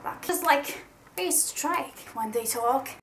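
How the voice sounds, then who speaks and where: A woman's voice: high voice, takes it slowly, slight background noise, low-quality recording. A young Italian woman with an Italian accent, chatting eagerly and self-deprecatingly in a casual explainer vlog. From Italy. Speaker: YouTuber.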